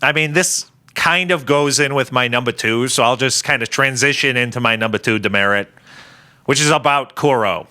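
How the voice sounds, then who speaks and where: A man with a medium-pitched voice and a moderate pace co-hosts a podcast. He chats casually and animatedly, mocking scenes by acting out the characters.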